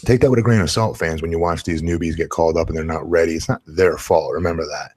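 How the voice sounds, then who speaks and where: A man's voice: sits low, steady tone, quick pace, a little mellow, slightly rough. A man who is a former wrestler, chatting bluntly and with strong opinions as a podcast co-host. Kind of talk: casual podcast chat.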